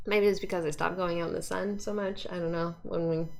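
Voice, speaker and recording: A woman's voice: fairly low pitch, steady tone, fairly quick, creaky, slight background noise. A young woman from Canada, a cosplayer chatting casually as an interview guest, laughing often and mimicking voices.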